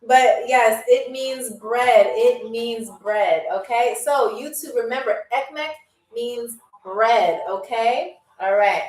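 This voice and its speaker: A playful woman hosts a live trivia game for her viewers. Her voice sits a little high and she speaks at an unhurried pace. She is heard from a distance in an echoey room, with faint music behind her. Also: darkish tone. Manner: chatty, playful, repeats foreign words slowly for viewers. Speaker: game show host.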